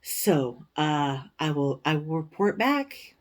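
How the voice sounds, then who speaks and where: A woman hosting a stitching vlog, telling a story in a casual, animated way with indignant, sarcastic asides. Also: sits low, slow. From United States. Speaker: cross-stitch vlogger, show host.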